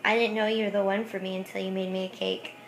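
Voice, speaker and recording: A woman's voice: medium pitch, level tone, fast talker, slight background noise, close to an everyday voice. A woman doing a gushing, smitten husband. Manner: gushing, adoring. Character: smitten adult man, a 1980s husband. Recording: echoey room.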